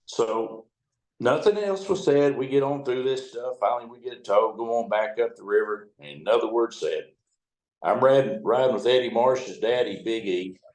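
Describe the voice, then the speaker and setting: An older man tells colorful river stories in a loose, salty, folksy way. His voice sits at an ordinary middle pitch for a man. The room gives it a noticeable echo. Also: normal speed, darkish tone. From United States. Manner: folksy, profane, acts out the other people's lines in quotes. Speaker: retired river towboat captain. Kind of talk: conversational storytelling. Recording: roomy echo.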